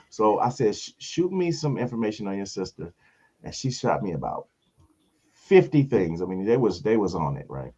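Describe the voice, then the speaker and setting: A man, a comedian hosting a casual show and telling a story, acting out other people in high voices. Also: a little fast, breathy edge, muffled recording. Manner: animated storyteller, acts out voices in high pitch.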